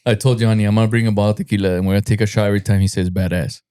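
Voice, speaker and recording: A man joins a podcast chat in a low, mellow voice, dropping wry, needling asides and mock-offended questions into the banter. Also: fairly even intonation, racing, clear, resonant tone.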